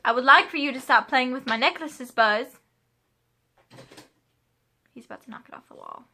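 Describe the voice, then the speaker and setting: A woman around twenty speaks casually from her home, wandering through questions with offhand asides. Her voice sits a little high and has a bright, forward edge. The delivery is chatty and unpolished. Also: fast talker, gravelly. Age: 20s. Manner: chatty, rambling, laughs and asides. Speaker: vlogger. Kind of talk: casual chat answering a question tag. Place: home room with a pet playing.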